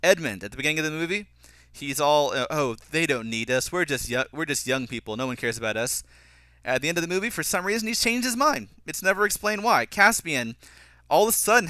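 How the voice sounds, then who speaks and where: Young man, film critique, bright crisp voice, dry close sound. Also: a little high, dry recording. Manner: animated, mocking voices when quoting characters. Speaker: film reviewer. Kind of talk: casual critical commentary.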